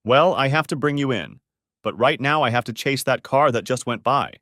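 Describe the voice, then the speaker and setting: A man's voice: medium pitch, normal speed, fairly bright tone, no room sound, clean studio sound, close to an everyday voice. A man voicing a male police officer in a story reading, matter-of-fact and raised. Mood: brisk. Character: male small-town police officer, brisk.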